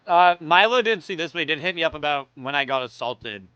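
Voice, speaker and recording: A man's voice: on the high side, lively intonation, brisk, bright, forceful tone, smooth, no echo, lo-fi sound. A young American man streaming, chatting casually and reacting with loose slang, frequent swearing and laughs. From United States.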